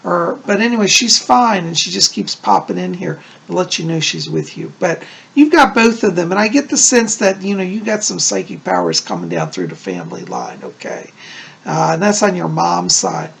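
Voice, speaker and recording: A man's voice: high-pitched, big pitch swings, moderate pace, creaky, fairly bright tone, breathy edge. A man working as a psychic medium, doing a casual video reading, chatty and reassuring, often checking in with "okay?".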